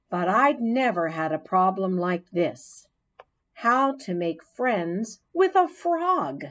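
A woman narrating a children's storybook in the voice of a chatty hamster classroom pet, with expressive storytelling. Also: mid-range voice, takes it slowly. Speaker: audiobook narrator.

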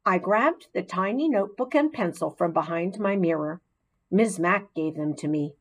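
A woman narrating a children's storybook in an expressive, gently dramatic way. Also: fairly low pitch, moderate pace, a little hiss or hum, rough recording. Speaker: audiobook narrator.

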